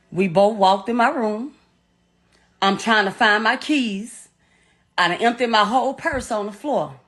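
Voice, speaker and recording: A woman's voice: on the high side, unhurried, long pauses, fairly bright tone. A middle-aged woman speaks in a voice that sits a little above the usual female range. She is a grieving mother giving a blunt, profane first-person account. Her delivery stays raw and unpolished. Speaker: bereaved mother recounting events.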